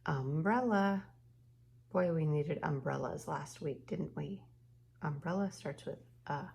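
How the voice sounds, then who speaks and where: A woman teaches phonics to small children in a very slow, careful voice. Her voice sits low and has a slight gravelly edge, and she draws out every sound so the children can follow. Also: darkish tone. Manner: patient, stretches out each sound and word.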